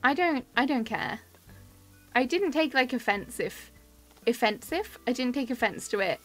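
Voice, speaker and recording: A woman's voice: high voice, sing-song, normal speed, a bit bright, faint music behind. British woman, thirties, live-stream host; casual, giggly, reads chat aloud. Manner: chatty, laughs often, reads chat comments aloud.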